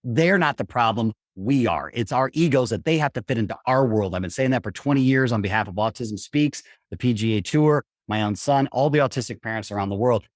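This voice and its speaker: A middle-aged man, a podcast guest, telling stories in an animated, emphatic way with blunt asides and mild swearing. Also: medium pitch, a little fast, few pauses, dry recording, studio quality. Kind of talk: animated storytelling.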